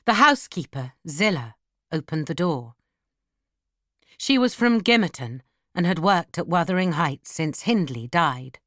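A woman narrating a classic novel as an audiobook, in slow, expressive storytelling. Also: on the low side, dry recording, studio quality.

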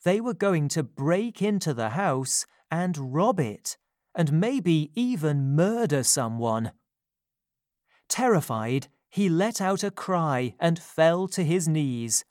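A reader narrating a story in a slow, careful, scripted style. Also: mid-range voice, sing-song, a little mellow, no room sound, studio quality.

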